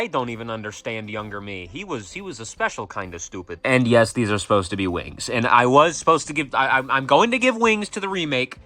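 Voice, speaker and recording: A young man who makes plushies and videos rambles through a casual vlog in a sharp, mid-range voice with no room sound. He mocks himself, swears freely and keeps restarting his sentences.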